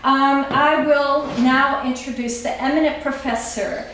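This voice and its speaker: A woman's voice: high-pitched, fairly even intonation, unhurried, a bit bright, slight background noise. A woman presenting a stage comedy sketch in a chatty, digressing way, heard from far off in an echoey hall.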